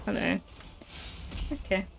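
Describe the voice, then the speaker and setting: A woman streamer giving casual gameplay commentary, chatting and reacting out loud, laughing easily. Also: slow pace, a little hiss or hum, low-quality recording.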